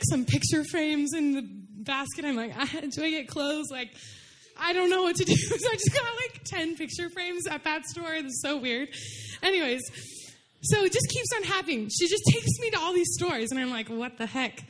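A young woman with a high voice gives a casual sermon in church. She tells stories in a chatty way, filling her talk with "like" and laughing easily. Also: a bit bright. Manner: chatty, full of "like", laughs while telling stories. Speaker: preacher.

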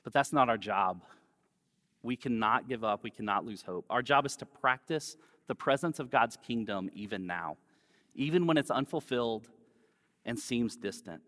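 A man preaching a sermon as pastor, speaking gently and conversationally and weaving in personal stories. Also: medium pitch, lively intonation, moderate pace. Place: church. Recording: long reverb of a church hall.

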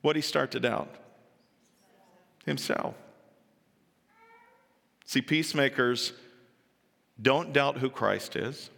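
A man preaching a sermon to his church, telling a story with animated acted-out voices and building to emphatic peaks. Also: mid-range voice, slow pace, gravelly, long pauses, big-room sound. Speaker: pastor.

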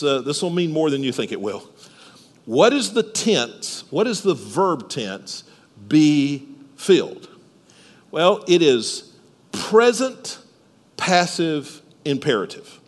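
Male pastor preaching, questions the congregation, widely varied pitch. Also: very animated, measured pace, big-room sound. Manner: explains step by step, asks the listeners questions. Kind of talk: sermon. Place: church service.

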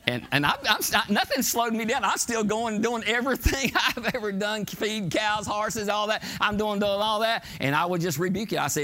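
A middle-aged man preaching a sermon in church, telling folksy stories and building to shouted exhortations. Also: sits high, expressive, normal speed, hardly any pauses. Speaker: pastor. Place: church sanctuary.

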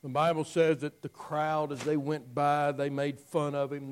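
A man preaching a dramatic storytelling sermon, swinging from loud declaiming to hushed, near-whispered lines. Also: fairly high pitch, level tone, smooth, low-quality recording. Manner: slow, drawn-out phrasing with long pauses.

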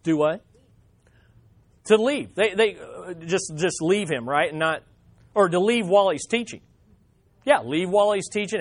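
A man's voice: high-pitched, expressive, normal speed. A male preacher giving a conversational Bible teaching, often putting questions to his listeners.

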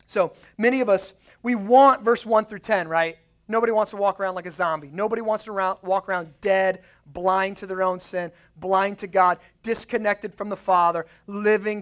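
A man preaching a sermon, swinging between loud emphatic peaks and low, quiet asides. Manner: emphatic preaching, rising loud on key points and dropping low. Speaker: pastor.

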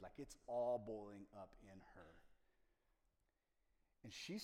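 A man preaching a sermon as pastor, swinging from loud, passionate rises to hushed near-whispers. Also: mid-range voice. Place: church sanctuary. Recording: long reverb of a large room.

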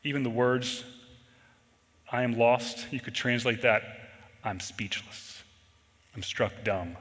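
A man preaching a sermon in an earnest way, shifting between loud emphasis and quiet intensity. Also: medium pitch, big-room sound. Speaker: pastor.

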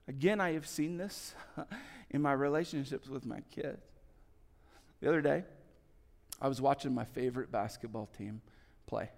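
A man preaching a sermon, telling stories with lively swings between loud, urgent lines and soft, hushed ones. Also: medium pitch, normal speed, vocal fry, long pauses, big-room sound. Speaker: pastor.

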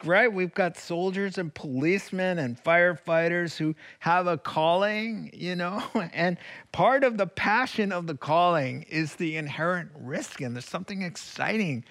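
A man preaching a sermon as pastor, animated, swinging from loud declarations to hushed whispers. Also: high voice, unhurried. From California.

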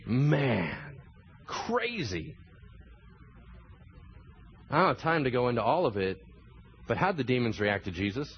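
A man preaching a sermon as a pastor, animated and acting out the voices of people in the story. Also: mid-range voice, fast, lo-fi sound, slight background noise.

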